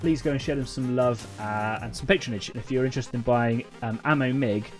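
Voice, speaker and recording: Casting: man in his thirties, middle-pitched, casual chatty stream host, faint music under. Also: brisk. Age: 30s. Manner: rambling, chatty, many fillers and restarts. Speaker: host of a live painting stream. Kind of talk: casual live-stream chat.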